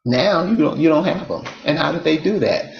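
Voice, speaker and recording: A man's voice: a little high, very animated, normal speed, vocal fry, echoey room, lo-fi sound, a little hiss or hum. A man delivering a casual, emphatic monologue to his viewers, repeating rhetorical questions over and over. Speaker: online commentator.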